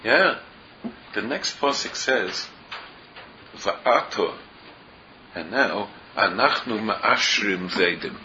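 A man's voice: on the low side, expressive, takes it slowly, pauses often, sharp tone. A man teaching a Torah class, explaining verses and often asking rhetorical questions, with Hebrew and Yiddish terms mixed into his English. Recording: dull lo-fi recording with faint noise.

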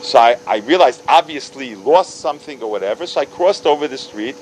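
A man in his fifties tells a story to a religious audience, acting out each exchange with lively leaps in pitch. His voice sits in the middle range. Hebrew and Yiddish terms run through his speech, and a faint hum sits behind it. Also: a little fast, low-quality recording. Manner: animated, acting out dialogue with big pitch jumps. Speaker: speaker telling stories to a religious audience. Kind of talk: storytelling talk.

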